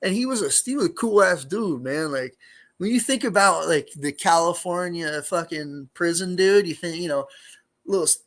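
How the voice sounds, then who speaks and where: A man's voice: on the high side, moderate pace, a bit bright. Middle-aged man, former inmate guest, loose street slang, swears freely, rambles through stories. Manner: streetwise, profane, rambling with fillers. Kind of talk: casual storytelling interview.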